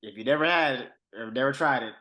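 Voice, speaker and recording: A man's voice: medium pitch, fast, bright, forceful tone, rough recording. A man co-hosting a podcast in casual chat, laid-back and slangy with emphatic asides. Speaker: podcast co-host. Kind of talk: casual chat about a TV show.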